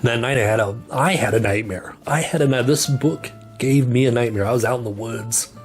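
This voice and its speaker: Middle-aged male book reviewer, animated and casual, swears freely, mid pitch, faint music underneath. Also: a little fast. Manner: animated, swears, acts out lines. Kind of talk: casual plot retelling.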